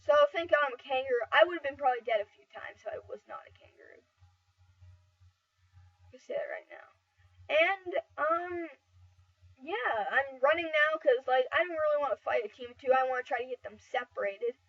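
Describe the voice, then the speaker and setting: A woman giving casual, rambling game commentary over footage, excitable and full of fillers and restarts. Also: high voice, moderate pace. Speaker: gameplay commentator. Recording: dull lo-fi mic, slightly distant.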